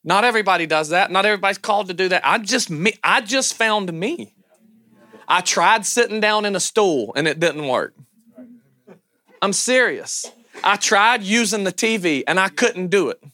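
A Southern American pastor preaches a sermon loudly and animatedly, poking fun at himself. His voice sits high and moves at a moderate pace, with no echo in the recording.

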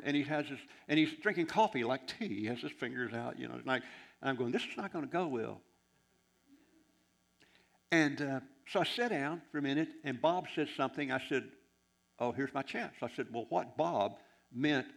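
Animated rambling male preacher. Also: medium pitch, gravelly. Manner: animated, rambling storyteller with laughs and asides. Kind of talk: storytelling sermon.

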